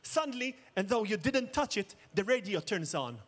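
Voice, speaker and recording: High-voiced man telling jokes on stage. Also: sing-song, normal speed, a bit bright. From Israel. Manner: jokey, dramatic storytelling. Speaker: conference speaker. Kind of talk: keynote talk. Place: outdoor festival main stage.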